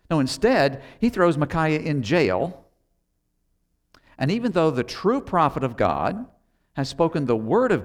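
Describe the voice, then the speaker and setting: A man preaching a sermon, retelling a Bible story conversationally and acting out the characters' lines. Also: mid-range voice. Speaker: pastor.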